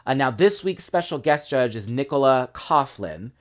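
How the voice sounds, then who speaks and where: A man giving a casual, sassy recap of a reality competition episode, with quick asides and bursts of laughter. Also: mid-range voice, animated. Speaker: show reviewer.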